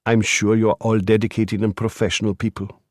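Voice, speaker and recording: A man doing an earnest, measured lawyer. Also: on the low side, little pitch movement, no room sound, studio quality, natural voice. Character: earnest, principled male community lawyer.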